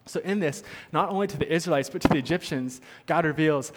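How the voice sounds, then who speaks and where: A man's voice: on the high side, quick pace, hardly any pauses, a little hiss or hum. Man, pastor, sermon, earnest, repeats for emphasis, long hall echo.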